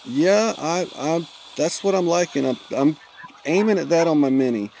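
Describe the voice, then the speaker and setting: A man's voice: fairly high pitch, lively intonation, moderate pace, creaky, background noise. A man, chatting casually with viewers while streaming a mobile game. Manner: laid-back, chatty, self-teasing. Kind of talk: casual live-stream chat.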